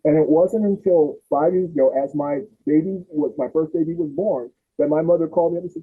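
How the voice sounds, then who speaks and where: A podcast host in his sixties tells family stories in casual chat, animatedly acting out his relatives' voices. His husky voice is a little high and brisk, with hardly any pauses, and the audio sounds tinny, like a phone.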